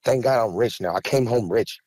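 A man's voice: mid-range voice, brisk, darkish tone, no echo. Podcast guest: man, heated and profane, dry close studio sound. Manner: raw, angry, profane, rising to heated outbursts. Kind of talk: emotional interview talk.

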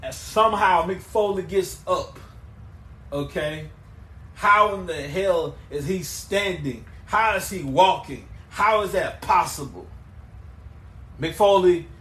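A man with a high, bright voice talks through wrestling history on his own podcast. He rambles, stumbles and restarts, then bursts into loud emphatic questions. The sound is roomy and echoey. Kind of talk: solo podcast recap and show plugs.

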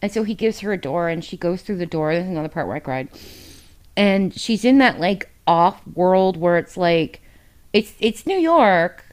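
A woman's voice: on the low side, expressive, normal speed, a little mellow. A woman co-hosting a podcast, chatting casually and emotionally about books, swearing freely and rambling with fillers. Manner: candid, emotional and heavy on profanity. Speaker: podcast co-host. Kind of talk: casual book discussion.

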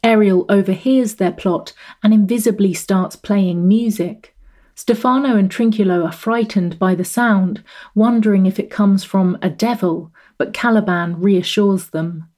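A woman narrating a scripted literature lesson in a measured, explanatory manner, slowing to read verse rhythms. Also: medium pitch, a little mellow.

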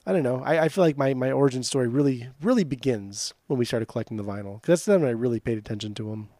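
A young man chatting casually as co-host, his voice warm and mellow. He rambles with plenty of hesitations and likes to tease. The sound is dry and close, with no room around it. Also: medium pitch, fast talker, no room sound. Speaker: podcast co-host. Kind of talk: casual chat.

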